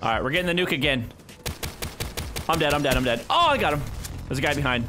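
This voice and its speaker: Excitable young man narrating his gameplay. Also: on the high side, fast, noisy background. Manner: excitable, swings from muttering to frustrated yelling. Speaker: gaming YouTuber. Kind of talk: live gameplay commentary. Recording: gameplay sound and background music under voice. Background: game gunfire and instrumental music.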